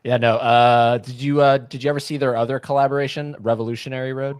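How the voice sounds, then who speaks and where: Man, podcast host, video call, mid-range voice, dry close sound, easygoing, quick to laugh. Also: medium pitch, flat delivery, clear, resonant tone, no echo. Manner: easygoing, laughs often, short backchannel replies. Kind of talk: casual interview chat.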